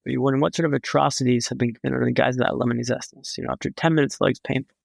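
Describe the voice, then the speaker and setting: A man's voice: medium pitch, steady tone, racing, vocal fry, a little mellow, no echo. A young man, a podcast guest, telling a story in a vivid, dramatic way with wry humor. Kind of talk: storytelling in a conversation.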